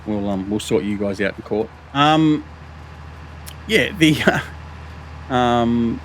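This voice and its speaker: A man's voice: mid-range voice, lively intonation, slow, a little hiss or hum. A middle-aged man with an Australian accent, casually talking through a farming game as host, rambling with lots of ums and restarts and poking fun at himself. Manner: rambling, many ums and restarts, self-mocking. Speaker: gaming channel host. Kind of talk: casual gameplay commentary.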